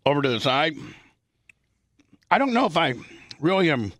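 A man's voice: on the high side, sing-song, moderate pace, fairly bright tone, no room sound. A man hosting a radio show, teasing his co-host and keeping the talk on track. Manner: teasing, keeps steering the talk. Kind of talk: teasing on-air banter.

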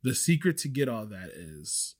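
A man's voice: mid-range voice, very animated, moderate pace, a little mellow. A man, a restaurant server giving emphatic, chatty advice straight to the camera. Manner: emphatic, chatty, repeats points for stress. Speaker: restaurant server sharing industry tips. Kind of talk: casual advice monologue.

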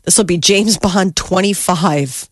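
A woman's voice: lowish voice, a little slow, no echo, studio quality. A woman co-hosting a morning radio show, reading entertainment news in a chatty, giggly way with many fillers. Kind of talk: casual morning radio chat.

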